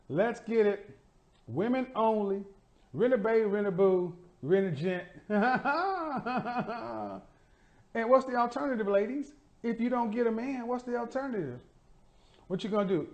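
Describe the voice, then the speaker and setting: High-voiced man mocking on a live stream. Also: fairly bright tone. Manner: provocative, mocking, preachy. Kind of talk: casual live-stream monologue. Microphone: phone.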